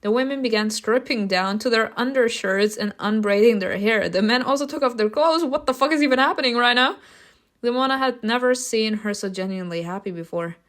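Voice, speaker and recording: A woman's voice: on the high side, a little fast. Woman reading a story game aloud. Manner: reads narration evenly, bursts into loud laughing outbursts; swears casually in reactions. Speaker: streamer reacting to a story game.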